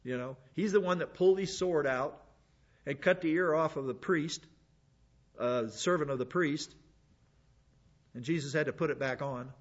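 A man's voice: fairly high pitch, normal speed, pauses often, highs cut off. A man teaching a sermon in a conversational way, with asides between the verses he reads. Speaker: preacher.

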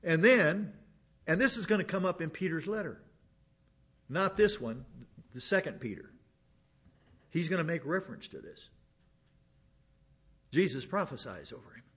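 A man's voice: fairly high pitch, expressive, moderate pace, long pauses, a bit bright, breathy edge. A man teaching through a Bible passage in a casual, folksy way, wandering into personal stories. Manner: folksy, digressive storytelling with restarts. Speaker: pastor. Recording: dull lo-fi sound.

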